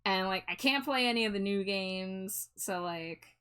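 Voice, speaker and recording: A woman's voice: medium pitch, sharp tone, clear, resonant tone. A young woman streaming live, chatting casually and laughing often at herself. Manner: chatty, self-deprecating, quick to laugh. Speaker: streamer host. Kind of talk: casual chat.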